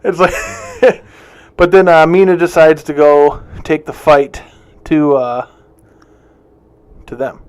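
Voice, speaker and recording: A man's voice: on the high side, a little mellow, clean tone. A man co-hosting a podcast, chatting casually about a movie with a jokey, talkative manner. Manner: chatty, jokey, quick to laugh. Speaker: podcast co-host. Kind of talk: casual movie recap chat.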